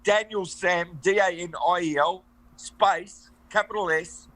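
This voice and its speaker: A man's voice: sits high, fairly even intonation, a little slow, a bit bright, low-quality recording. A man from Melbourne with an Australian accent, a chatty, bossy, rambling guest in a casual interview. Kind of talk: casual chat.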